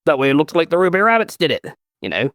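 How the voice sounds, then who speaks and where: A man playing a tabletop game, describing his plans eagerly and in a rambling way. His voice is slightly high for a man, with a smooth, clear tone that sounds dry and close. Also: very animated, quick pace, fairly bright tone, no echo. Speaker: player. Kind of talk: casual tabletop play.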